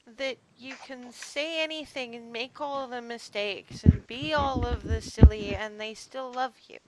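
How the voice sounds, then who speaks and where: A woman voicing a naive, kind young woman raised in a shrine, who gives gentle, rambling advice in childlike wording, in a tabletop role-play. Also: fairly high pitch, measured pace, background noise, lightly acted.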